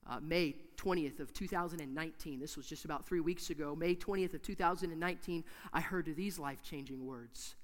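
A man preaching a sermon in a church, emphatic and repetitive, swinging from hushed to loud. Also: high-pitched, brisk, in a large hall.

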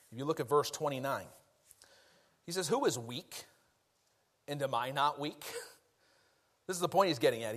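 A man preaching a conversational, folksy sermon, self-deprecating and quick to laugh. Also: on the high side, a bit bright.

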